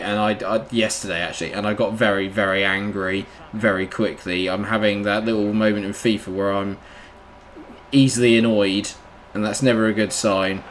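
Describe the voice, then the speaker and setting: A young man commentating live on his own football video game match, sarcastic and easily frustrated. He swings between low muttering and loud outbursts. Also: slight background noise. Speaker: gaming YouTuber.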